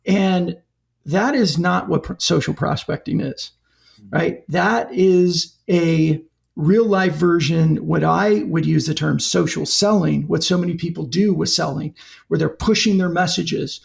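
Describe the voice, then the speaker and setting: Podcast guest, man, high and raspy-gravelly; animated anecdotal storyteller. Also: a little slow. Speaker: podcast guest, company founder. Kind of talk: conversational storytelling.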